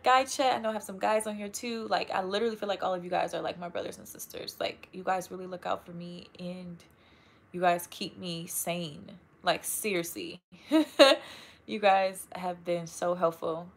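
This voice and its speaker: A young woman hosting a casual live stream, chatting warmly with viewers, greeting them by name and saying "y'all", a little tired from long work weeks. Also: fairly low pitch, fairly even intonation, moderate pace, creaky.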